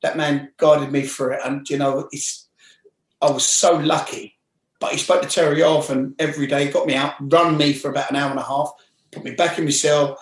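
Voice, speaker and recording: A man's voice: fairly high pitch, normal speed, reverberant, low-quality recording. A man in his forties with a London accent, a former footballer telling stories as an interview guest and acting out the people he quotes. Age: 40s. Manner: animated, acts out quoted voices. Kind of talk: casual storytelling.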